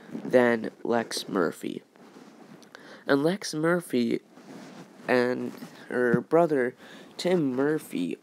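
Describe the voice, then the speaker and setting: Halting man with a gravelly voice. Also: medium pitch, darkish tone, slight background noise. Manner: halting, many fillers and restarts. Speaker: YouTuber. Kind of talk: casual fan-theory vlog.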